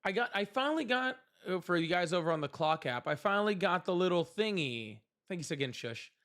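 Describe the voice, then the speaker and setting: A man's voice: sits high, animated, a little fast, fairly bright tone. A young man hosting a casual livestream, chatting with viewers, thanking them and laughing often. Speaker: livestream host.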